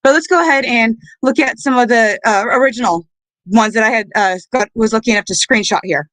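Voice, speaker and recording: Female streamer host, earnest and choked up, fairly high pitch, dry close recording. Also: a bit bright, no echo, rough recording. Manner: earnest, halting, many fillers and restarts. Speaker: podcast host. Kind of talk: solo livestream talk.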